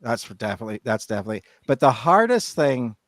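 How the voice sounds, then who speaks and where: A man's voice: medium pitch, big pitch swings, fast, dry recording. A man co-hosting a podcast in casual chat, rambling with many restarts and fillers. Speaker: podcast co-host.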